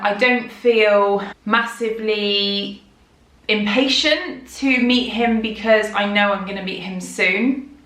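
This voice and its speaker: Speaking with a medium-pitched, slightly bright voice, a heavily pregnant woman shares her worries with her vlog viewers in a chatty, rambling, candid way. The recording sounds roomy and echoey.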